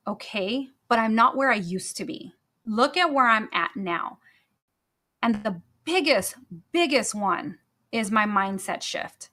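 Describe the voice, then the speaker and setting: A woman's voice: a little high, pushed and bright. A woman hosting a motivational podcast on her own, talking energetically and emphatically and repeating her key phrases. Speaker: podcast host. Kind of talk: motivational solo talk.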